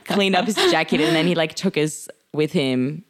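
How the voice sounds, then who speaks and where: A young woman from Germany co-hosting a podcast, telling stories in casual chat and acting out quotes with big pitch jumps. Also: normal speed. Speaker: podcast co-host.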